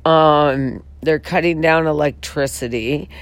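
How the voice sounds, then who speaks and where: A woman with a raspy, hoarse voice making an earnest, pleading pitch for her venture to donors and companies. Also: fairly even intonation, slow pace, no echo. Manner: pleading, heartfelt, frustrated. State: hoarse from talking all weekend. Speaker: founder pitching her water advertising venture. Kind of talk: earnest direct-to-camera pitch.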